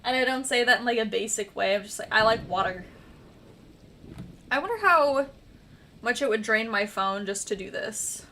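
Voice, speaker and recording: A woman's voice: a little high, fairly quick, bright, forceful tone, a little hiss or hum. A young woman from the American Midwest with a slight Midwestern accent, chatting casually and rambling on a livestream while she edits her book. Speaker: author livestreaming her editing.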